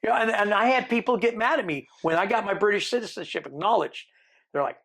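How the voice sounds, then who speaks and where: An older man, a podcast guest, tells his own story in a lively way and acts out the people he quotes. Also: high-pitched, quick pace, creaky. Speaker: interview guest.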